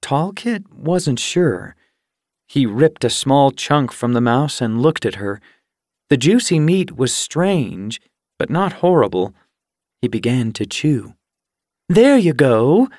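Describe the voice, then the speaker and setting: A man narrating an audiobook in a measured, even storytelling voice, recorded in a studio booth. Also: medium pitch, dry recording. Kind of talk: scripted narration. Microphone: studio mic.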